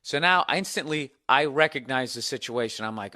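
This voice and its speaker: A man hosting a podcast, telling a story in a comedic monologue, profane and animated as he rants. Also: mid-range voice, moderate pace, few pauses. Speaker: podcast host.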